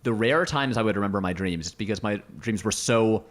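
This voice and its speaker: A man's voice: lowish voice, brisk. A man hosting a casual podcast, joking in a playful, dry way. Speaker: podcast host. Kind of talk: casual chat.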